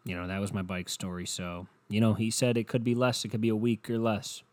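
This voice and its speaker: A man with a fairly low voice rambles through a podcast story, cursing freely and poking fun at himself. The sound is close and dry, with no room around it. He keeps it loose and conversational, like chatting with a co-host. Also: little pitch movement, a little fast, no room sound. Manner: swears a lot, rambling, self-mocking. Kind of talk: casual profane storytelling rant.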